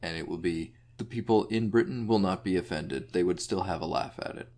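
Man, young adult, lowish voice, podcast co-host, deadpan wisecracks. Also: fairly quick. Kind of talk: casual chat.

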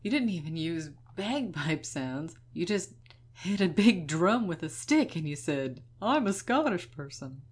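A young woman with a notably low, deep voice banters as a podcast co-host. Her talk is loose and jokey, full of laughs and quick asides, in an easy casual chat. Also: animated. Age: young adult. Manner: joking, laughs often.

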